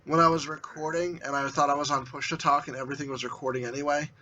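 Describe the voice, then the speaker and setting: A man co-hosting a podcast, talking quickly and complaining about a stuffed nose in casual chat. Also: fairly high pitch, level tone, pushed and bright, dull audio. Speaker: podcast co-host.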